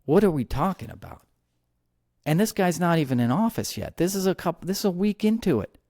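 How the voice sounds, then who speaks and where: A man's voice: high voice, very animated, brisk, darkish tone, no room sound, studio quality. A man hosting a podcast, ranting heatedly about politics with many restarts and repeated words. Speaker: podcast host. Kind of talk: angry political commentary.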